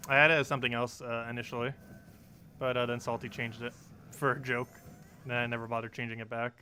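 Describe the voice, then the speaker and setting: Fast-talking bright-voiced young man. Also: mid-range voice, level tone, a little hiss or hum. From New Jersey. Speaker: streamer. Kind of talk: casual live-stream commentary.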